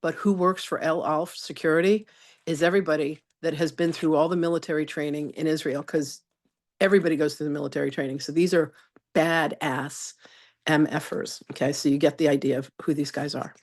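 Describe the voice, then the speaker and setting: Leading a live spiritual masterclass, this middle-aged woman talks a little fast in a low-pitched voice. Her manner is chatty and animated as she relates a personal anecdote, addressing students by name along the way.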